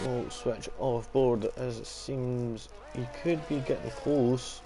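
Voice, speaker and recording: A man's voice: mid-range voice, fairly even intonation, takes it slowly. Scottish man casually commentating a sim race. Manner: casual, swears freely, chats with viewers. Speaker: sim racing league commentator. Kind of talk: live esports race commentary.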